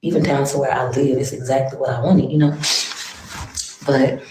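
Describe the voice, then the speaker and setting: A woman's voice: a bass voice, fairly even intonation, moderate pace, warm tone. A woman rambling on a livestream, venting her frustration with sighs. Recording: echoey room.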